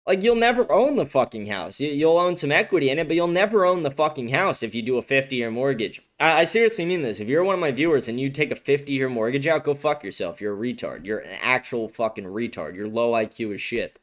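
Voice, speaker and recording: A man's voice: mid-range voice, lively intonation, brisk, hardly any pauses, a bit bright. A young man hosting a livestream, giving angry, profane commentary with a slightly sore throat. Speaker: host.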